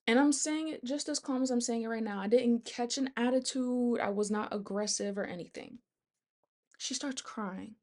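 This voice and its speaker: A woman's voice: on the high side, normal speed, darkish tone. A young woman vlogger telling a casual storytime, animatedly retelling a work conflict with quoted dialogue.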